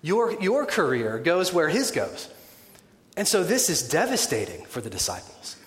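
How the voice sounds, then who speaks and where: A man preaching a sermon in a conversational, animated way, with wry humorous asides. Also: on the high side, a little slow. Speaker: pastor. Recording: echoey hall with long reverb.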